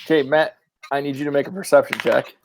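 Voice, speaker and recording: A man running a tabletop game as game master, narrating in a relaxed, rambling way. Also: mid-range voice, fast talker, noisy background.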